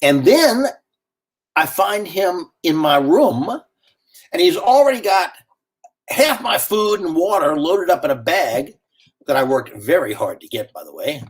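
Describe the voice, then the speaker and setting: A man telling a dramatic first-person story with lively delivery and sudden swings in tone. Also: on the high side, breathy edge.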